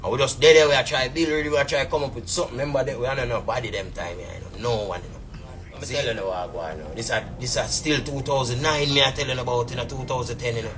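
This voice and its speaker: A man's voice: mid-range voice, steady tone, fast, music in the background. A man with a Jamaican patois accent, ranting casually and indignantly on a live stream, rambling and repeating fillers. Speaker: businessman telling his side.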